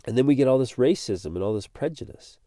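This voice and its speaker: A man's voice: mid-range voice, animated, fast, dark tone, dry recording, studio quality. A man hosting a motivational podcast, speaking earnestly and animatedly, repeating words as he gets fired up. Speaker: podcast host.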